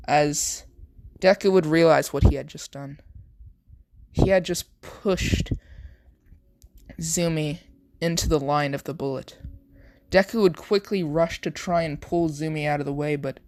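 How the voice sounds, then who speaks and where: Amateur storyteller, mid-pitched, improvising an action tale with frequent restarts; dry, close recording. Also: a little mellow, no echo. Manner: halting, with frequent restarts and self-corrections; strings events together with repeated "would" and "as". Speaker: fan fiction storyteller.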